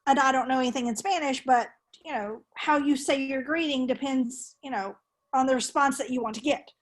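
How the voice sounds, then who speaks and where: A woman's voice: high voice, brisk. A woman English teacher talking through ideas with a colleague, rambling and restarting her sentences. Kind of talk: casual professional discussion.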